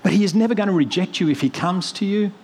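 A middle-aged man preaching a sermon, earnest, moving from hushed storytelling to rising, emphatic appeals. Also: high voice, fast, slight background noise.

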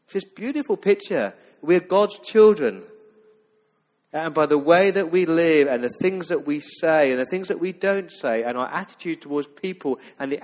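A man's voice: fairly high pitch, long reverb tail. A man preaching a sermon as pastor, earnest and emphatic, reading scripture aloud between his points. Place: church.

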